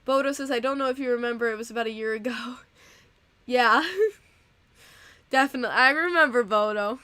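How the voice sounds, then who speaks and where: Young female streamer host, high voice, dry close sound, chatty, emotional, laughs a lot. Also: moderate pace, bright, forceful tone, smooth, no echo. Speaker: podcast host reading donations. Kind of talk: casual live-stream chat.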